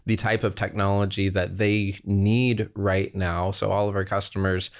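A man's voice: sits low, little pitch movement, moderate pace. A young adult man, an interview guest and company executive, telling a rambling anecdote with fillers and laughs. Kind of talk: casual storytelling interview.

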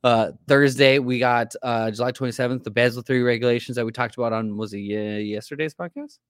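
A man's voice: medium pitch, fairly quick, smooth, no room sound. Rambling man on a dry podcast mic. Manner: rambling, many fillers and restarts. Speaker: podcast co-host. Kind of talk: casual political podcast chat.

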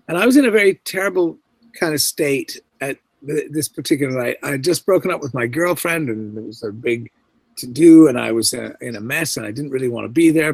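A middle-aged man, appearing as a guest actor in an interview, tells anecdotes with lively energy and performs the voices of the people he quotes. His voice sits at a medium pitch with a creaky, slightly rough texture, and the recording is dry.

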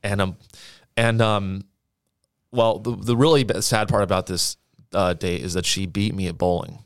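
A young man co-hosting a podcast, telling a story in casual, animated talk with lots of swearing and acted-out quotes. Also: low-pitched, moderate pace, clear, resonant tone, dry recording, studio quality. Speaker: podcast co-host.

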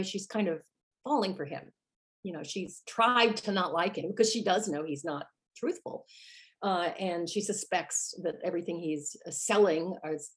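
A woman with a slightly low-pitched voice tells a backstage story in a relaxed interview. She is an actress from musical theater, and she slips into the voices of the people she quotes. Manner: animated, acts out the lines she quotes.

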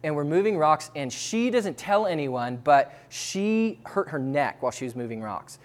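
Male speaker, a bit high-pitched; loose, animated storyteller with casual fillers and laughs. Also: normal speed. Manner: casual, lots of "like", laughs between phrases. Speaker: speaker sharing a testimony.

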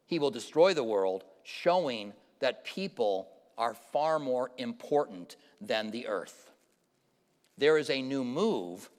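A man's voice: medium pitch, animated, slow pace, darkish tone. A man giving an informal Bible teaching to a live audience, often putting questions to the listeners. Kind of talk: conversational sermon teaching. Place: church hall with a live audience. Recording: long reverb of a large hall.

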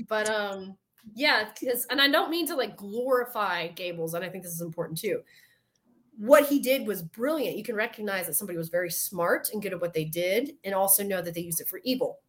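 A woman's voice: mid-range voice, fast, fairly bright tone. A woman with a Southern US accent, hosting a podcast in casual chat, telling stories animatedly and acting out quotes. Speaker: podcast host.

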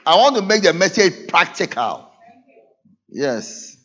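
Lively man preaching. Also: high voice, slow, a little hiss or hum. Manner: lively preaching with dramatic acted quotes. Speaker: pastor. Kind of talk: sermon. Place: church. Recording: dull lo-fi church recording.

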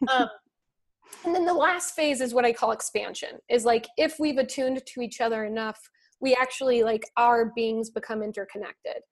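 A woman's voice: fairly high pitch, normal speed. A woman speaking as a podcast guest, explaining her method in a thoughtful, earnest way with many fillers. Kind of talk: casual conversational explanation.

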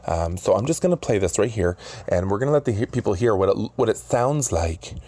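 A man's voice: on the low side, animated, brisk, mellow, no echo. A man hosting a podcast interview, rambling and chuckling between restarts. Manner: rambling, full of fillers and chuckles. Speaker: podcast host. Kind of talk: casual interview chat. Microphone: studio booth mic.

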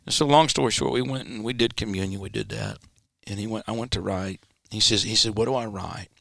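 A man, a pastor, telling a personal story in an interview and acting out the quoted dialogue with sudden pitch jumps. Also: fairly quick, gravelly, a bit bright, no echo, clean studio sound. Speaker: pastor, guest. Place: church studio.

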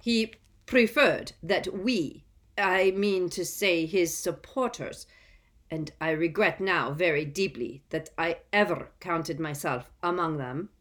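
A woman's voice: lowish voice, takes it slowly, a bit bright. A woman voicing a frightened, unctuous middle-aged male prisoner pleading before a council in a storybook reading.

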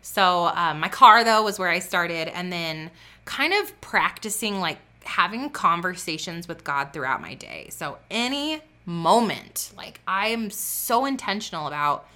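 A woman in her thirties talks straight to her listeners as a faith business coach. She is fervent and preachy, circles back on her points and fills her talk with "like". Her voice is bright and forceful. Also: fairly low pitch, big pitch swings, unhurried. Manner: fervent, preachy, with a lot of repetition and "like". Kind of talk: motivational talk to camera.

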